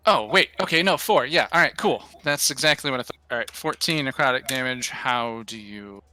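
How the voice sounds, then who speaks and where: A man narrating as game master of an online tabletop game, quick and chatty, laughing easily. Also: medium pitch, bright, forceful tone.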